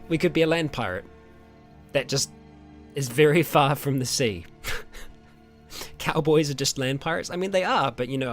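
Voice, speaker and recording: Laid-back Australian man chatting with viewers. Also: medium pitch. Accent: Australian or New Zealand. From Australia or New Zealand. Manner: relaxed, rambling, frequent ums and laughs. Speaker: roleplay channel host answering viewer questions. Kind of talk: casual live chat.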